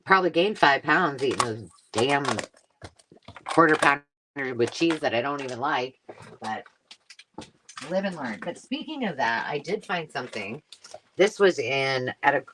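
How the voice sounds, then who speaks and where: A lively, sing-song craft host who talks in loose, rambling runs, breaking off mid-sentence and starting again. The pitch moves up and down a lot as the host chats on a live stream from a home craft space. A faint hiss sits under the voice. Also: moderate pace. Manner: rambling, self-interrupting storyteller. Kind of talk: casual chatty live stream.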